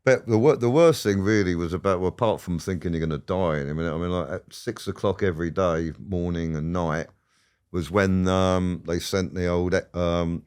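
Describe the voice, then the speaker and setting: A man's voice: low voice, normal speed, darkish tone, smooth. A man, a podcast guest rambling through stories, swearing and laughing as he goes. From England. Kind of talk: casual storytelling interview.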